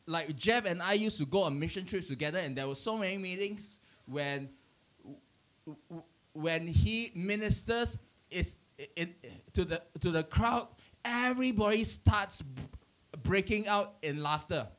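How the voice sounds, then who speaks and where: A middle-aged man, a pastor, giving a conversational church teaching with animated storytelling, restarting his sentences often and chuckling. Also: high voice, unhurried.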